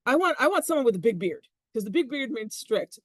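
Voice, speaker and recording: A woman's voice: on the high side, sing-song, a little fast, husky, no echo. A woman voicing a blustering Roman orator with a put-on Southern accent, emphatic and mocking. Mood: insistent. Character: blustering Roman orator man, demanding severity.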